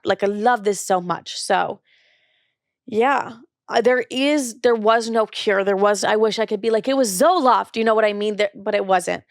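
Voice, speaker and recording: A woman's voice: mid-range voice, vocal fry, no echo, clean studio sound. A young adult woman hosting a podcast, talking candidly in a casual monologue, swearing freely and filling her speech with "like". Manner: chatty with frequent "like" fillers. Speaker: podcast host.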